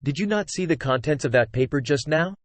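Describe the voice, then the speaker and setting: A man's voice: on the high side, expressive, a little fast, dry recording, lightly acted. A young explorer with cold, curt anger who threatens in short lines, voiced by a man reading an audiobook. The voice moves up and down a lot and is recorded dry and close. The reading sounds synthetic, like a computer-read book.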